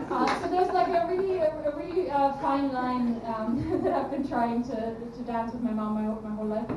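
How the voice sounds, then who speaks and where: Chatty high-voiced woman doing stand-up. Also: moderate pace, hardly any pauses, darkish tone, far from the mic, a little hiss or hum. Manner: chatty, self-deprecating, many ums and restarts. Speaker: stand-up comedy student. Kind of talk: stand-up comedy set. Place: comedy club stage, live audience. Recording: echoey room, mic heard from afar, crowd.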